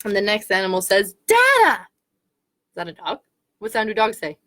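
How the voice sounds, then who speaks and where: A woman's voice: medium pitch, steady tone, fast, a bit bright. A woman as a children's librarian, reading picture books aloud in a playful way, making animal sounds.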